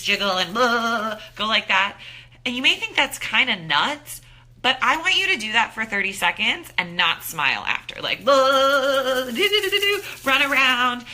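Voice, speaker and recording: A woman in her thirties giving an upbeat, animated motivational talk as a wellness coach, acting out her own thoughts. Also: medium pitch.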